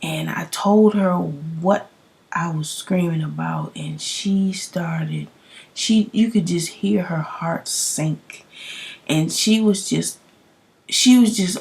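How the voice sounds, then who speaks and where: A young woman, telling a story in a loud, profane vlog rant full of emphatic rhetorical questions. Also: lowish voice, takes it slowly, creaky. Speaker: vlogger.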